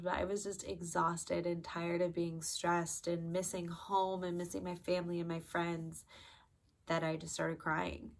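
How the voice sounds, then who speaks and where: A young woman in her twenties, casually telling a personal story to the camera, chatty, with lots of fillers. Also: on the low side. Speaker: vlogger, flight attendant.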